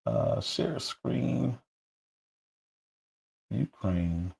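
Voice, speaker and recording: A man hosting a political commentary livestream, hoarse from a cold, talking heatedly with rhetorical questions and frequent restarts. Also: medium pitch, drawn-out words, a little mellow, poor audio. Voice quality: husky. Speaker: livestream host.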